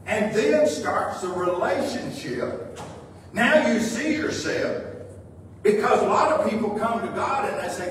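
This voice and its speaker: A man with a high voice preaches a sermon in a church. His voice rings through a big, echoey hall and comes from some distance off the mic. He speaks with emphasis and acts out the voices he quotes. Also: animated, a little slow, slight background noise. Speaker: pastor. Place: church sanctuary.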